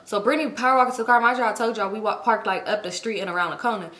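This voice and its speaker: A storytime vlogger in her thirties gives her viewers a casual, profane, animated retelling, her pitch leaping up as she gets worked up. The recording has an echoey room sound.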